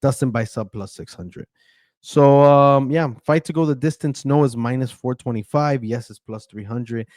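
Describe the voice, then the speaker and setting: A man's voice: medium pitch, moderate pace, darkish tone, dry recording. A man hosting a casual fight-betting breakdown, talking loosely with frequent ums and stumbling over fighters' names. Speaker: betting analyst host.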